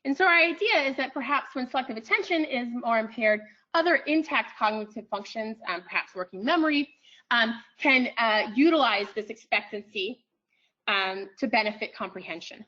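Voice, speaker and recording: A woman giving an academic lecture in a room, pausing often with ums and restarting her phrases. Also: fairly high pitch, lively intonation, bright, forceful tone, muffled recording. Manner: frequent ums, thoughtful restarts.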